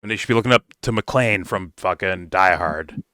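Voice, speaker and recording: A man's voice: deep voice, normal speed, pushed and bright, no echo. A man giving a casual review, talking bluntly and swearing freely. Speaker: film reviewer. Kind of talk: casual commentary rant.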